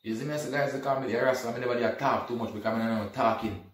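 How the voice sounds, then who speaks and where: A man's voice: mid-range voice, quick pace. Guy telling a story, acts out all the lines, sounds far off in an echoey room. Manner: animated, acts out dialogue, repeats "you see me". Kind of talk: casual retelling of an event. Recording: echoey room, distant from mic.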